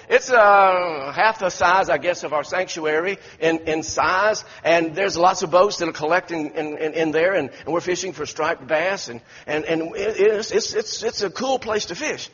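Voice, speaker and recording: The recording, dull and lo-fi in an echoey church hall, catches a pastor preaching a sermon. His voice sits high, a bit bright with a breathy edge, as he tells folksy stories and restarts himself often.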